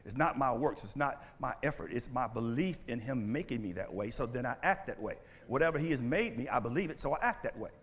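A male pastor preaching a sermon in church on a mic, animated and full of call-and-response questions. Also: medium pitch, fairly quick, hardly any pauses, slightly rough, big-room sound. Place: church sanctuary. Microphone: handheld or stand mic.

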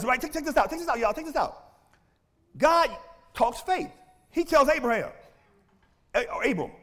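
Animated preacher man, high lively voice. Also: fairly quick. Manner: animated preaching, rising to shouts; asks the congregation questions. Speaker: pastor. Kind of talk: sermon.

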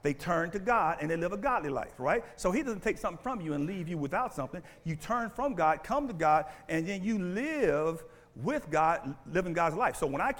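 A male pastor preaching a sermon in church on a mic, animated and full of call-and-response questions. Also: high voice, moderate pace, big-room sound. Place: church sanctuary. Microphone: handheld or stand mic.

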